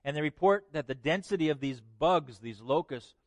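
A man preaching an expository sermon, animated, acting out God's words with rising emphasis. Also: on the high side, normal speed, dry recording.

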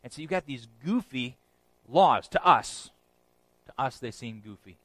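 A man preaching a sermon in an earnest, emphatic way, often dropping to a hushed low voice on key phrases. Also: animated, measured pace, no room sound, rough recording.

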